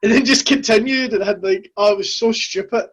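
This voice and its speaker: A woman with a Scottish accent hosting a casual interview, chatty and joking. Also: medium pitch. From Scotland. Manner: chatty, joking, quick asides. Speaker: host. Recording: dull lo-fi mic sound.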